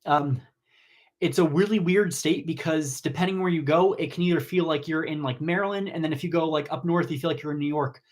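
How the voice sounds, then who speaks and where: A man from New Jersey hosting a casual live-stream Q&A on cosmetology, chatty and rambling, with sudden excited jumps in pitch. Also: fairly quick. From New Jersey, USA. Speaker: cosmetology educator and host. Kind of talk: casual live-stream Q&A reading viewer comments.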